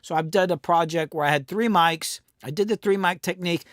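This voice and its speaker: A man with a high, light voice hosts a casual live stream about music production. He talks in a rambling, profane way, stops and restarts his sentences, and sounds close and dry in his home studio. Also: fairly quick, a bit bright, no echo. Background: cats in the room.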